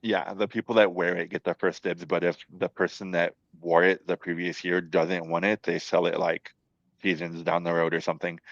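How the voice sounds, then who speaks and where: A man, a guest scare actor, explaining things in casual podcast chat, relaxed and halting with many fillers. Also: sits low, vocal fry, no room sound. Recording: dry, dull lo-fi mic.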